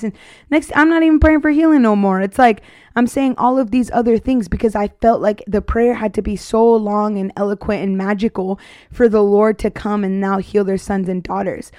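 A young woman in her twenties speaks her testimony in a loose, heartfelt ramble, full of fillers. Her voice is mellow and relaxed, and the recording is close and dry. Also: medium pitch, moderate pace, no echo. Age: 20s. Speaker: podcast host. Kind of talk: casual faith testimony.

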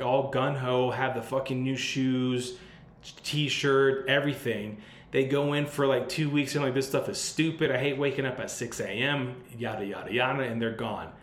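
A man hosting a podcast, giving casual advice in a blunt, loose way and swearing freely. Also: medium pitch. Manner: blunt and profane, loose and conversational. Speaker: podcast host. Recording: roomy sound with faint background noise.

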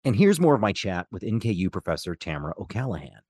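A man narrating a scripted news feature in a measured, clear way. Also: on the low side, very animated, a little mellow, dry recording, studio quality. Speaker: radio reporter and narrator.

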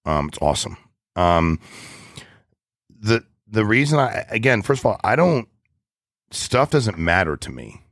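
A man in his forties with a very low voice, chatting in an interview. He rambles, restarts and speaks bluntly in casual slang. The sound is dry and close to the mic. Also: very animated, unhurried, long pauses, fairly bright tone, dry recording. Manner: rambling, blunt, drops into slang like "dude" and "ain't". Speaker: guest, business owner.

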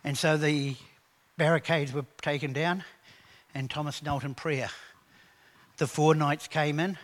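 A man preaching a sermon, animated and conversational, telling stories to his congregation. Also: fairly high pitch, measured pace. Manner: animated preaching with acted quotes; conversational storytelling. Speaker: pastor.

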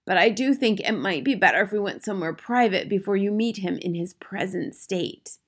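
Female reader doing a steady old grandmother for a storybook, slow, calm and unflappable. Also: medium pitch, slightly rough. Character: calm, firm old grandmother with a walking stick.

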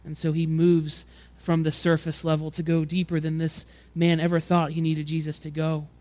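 A man preaching a sermon in a conversational way, often repeating words as he restarts, and acting out quotes in a louder, higher voice. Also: completely flat delivery, normal speed. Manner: conversational preaching, acts out quotes with rising pitch and volume. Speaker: pastor.

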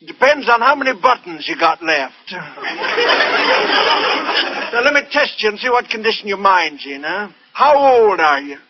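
An actor playing a bumbling, boastful memory-school quack in a 1940s radio comedy, speaking in a slow, chuckling drawl with folksy grammar. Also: male voice, sits high, sing-song, a loud crowd, heavy background noise. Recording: dull old radio broadcast.

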